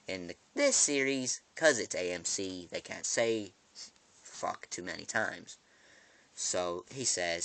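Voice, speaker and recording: A male vlogger recaps a TV episode in loose, rambling fashion, swearing freely and tossing in asides. His voice sits fairly low but sounds bright and forceful. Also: expressive. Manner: profane, quick restarts and asides.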